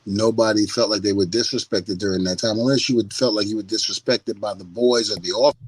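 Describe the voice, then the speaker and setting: A man's voice: on the low side, steady tone, fairly quick, darkish tone, slightly rough, no room sound, poor audio. A middle-aged man on a podcast, talking casually and animatedly, laughing and mimicking people as he tells stories. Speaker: podcast guest.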